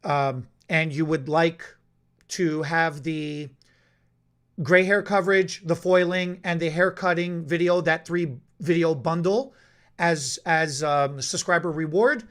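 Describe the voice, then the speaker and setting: A man hosting a live stream, talking in a halting way with many repeated words. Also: a little high, a bit bright. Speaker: podcast host.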